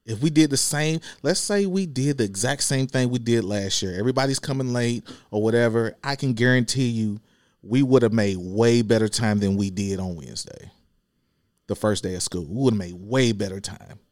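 Bus driver guest: mid-range male voice, plain-spoken, animated when acting out his route, dry recording. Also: mid-range voice, no echo. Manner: animated, acts out scenes with quick voiced asides. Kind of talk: casual podcast chat. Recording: dry close mic.

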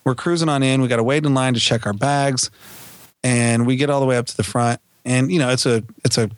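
Animated laughing man telling a story. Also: mid-range voice, a little fast, no echo. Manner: animated, laughs often, acts out family members' lines. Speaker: podcast co-host. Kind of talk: casual storytelling.

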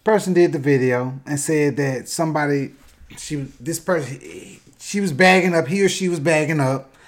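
A man tells a story in casual chat. He is animated and bursts into loud acted-out quotes. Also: a little high, normal speed. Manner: animated, acts out quoted voices loudly.

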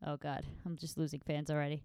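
A woman's voice: low-pitched, level tone, fast talker, a little mellow, clear, resonant tone, no echo, clean studio sound. A woman hosting a casual solo podcast, sounding nasal from allergies, rambling in a chatty, self-deprecating way. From New York. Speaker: podcast host.

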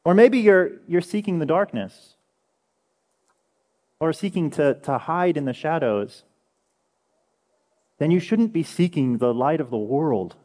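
A young male pastor preaches in a relaxed, conversational way and slips into lively storytelling. His voice sits a little high and swings widely in pitch. It rings out with long reverb in a large hall. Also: measured pace, pauses often. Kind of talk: sermon.

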